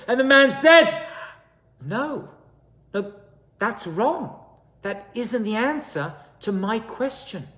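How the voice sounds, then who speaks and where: A man, a rabbi, giving a storytelling sermon in an animated way, swinging between loud and hushed delivery. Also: fairly high pitch.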